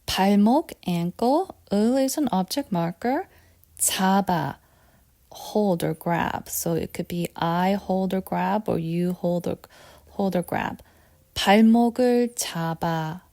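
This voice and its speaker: Female tutor, mellow tone, patient, repeats and quizzes. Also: on the low side, moderate pace, gravelly. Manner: patient and repetitive, asks quiz questions. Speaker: Korean language teacher. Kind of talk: lesson.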